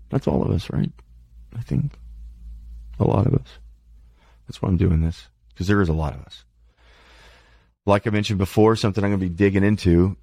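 A man's voice: low-pitched, vocal fry, dark tone, husky, dry recording. A man talking candidly about his life in a rambling, self-deprecating monologue, cursing freely, his mouth dry. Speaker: podcast host.

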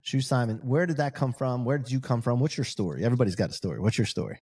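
Husky, mellow-voiced podcast host. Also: male voice, medium pitch, racing. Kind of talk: interview hosting.

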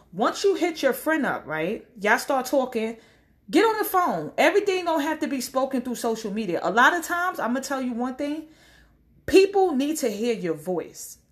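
A woman, giving blunt, profane advice in a casual vlog rant and acting out the people she quotes. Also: high-pitched. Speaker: social media commentator. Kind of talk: casual direct-to-camera rant.

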